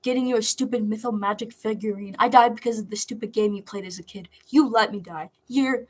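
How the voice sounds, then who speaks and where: A woman's voice: fairly high pitch, brisk, lightly acted. Woman voicing a spiteful ghostly sister. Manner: spiteful, mocking.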